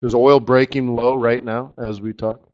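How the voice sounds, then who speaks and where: Guy running a live trading webinar, excitable and slangy, kinda dull lo-fi audio. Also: mid-range voice, normal speed. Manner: excitable, slangy, talks to viewers. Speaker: forex trading webinar host.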